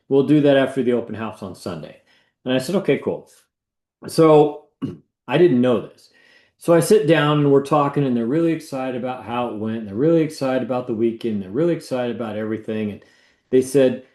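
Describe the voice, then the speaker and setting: A man who works as a real estate agent, telling a story in a casual, animated way and acting out the people he quotes. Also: medium pitch. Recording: echoey room.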